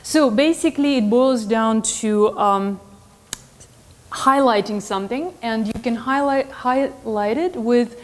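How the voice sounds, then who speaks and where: A woman's voice: on the high side, measured pace. A woman teaching a class in a classroom, earnest and full of "um" and self-corrections. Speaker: instructor. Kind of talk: classroom lecture.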